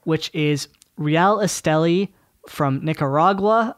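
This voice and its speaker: Higher-voiced man hosting a sports podcast. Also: lively intonation, moderate pace, no echo, clean studio sound. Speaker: podcast host. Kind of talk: casual sports podcast chat.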